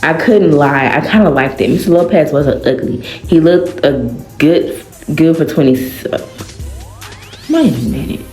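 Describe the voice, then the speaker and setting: Lowish woman reading a story aloud. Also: unhurried, darkish tone. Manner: reads dialogue with pitch jumps, breaks off to react and laugh. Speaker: reader of fan fiction. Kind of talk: casual story reading with commentary. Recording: roomy echo with faint music.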